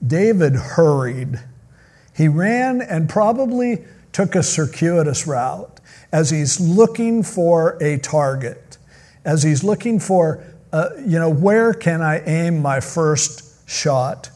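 A man's voice: fairly high pitch, lively intonation, takes it slowly, a little mellow. Joking man preaching a sermon. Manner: casual, joking storyteller who acts out quotes. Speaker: pastor. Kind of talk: sermon retelling a Bible story.

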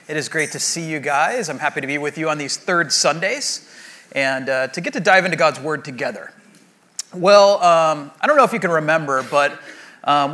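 A man in his thirties or forties gives a conversational sermon. His tone is bright and somewhat high for a man, and he tells stories with frequent fillers and restarts. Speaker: pastor.

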